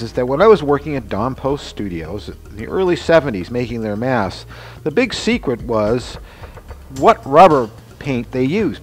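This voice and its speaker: A man's voice: medium pitch, slightly rough. Chatty older man explaining his workshop craft. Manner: chatty, rambling explanations with many fillers and asides. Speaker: show host and special-effects mask maker. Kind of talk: casual workshop demonstration.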